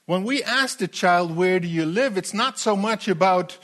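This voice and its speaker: A man preaching a sermon in a slow, emphatic way, repeating phrases as he builds his point. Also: high voice, fairly bright tone.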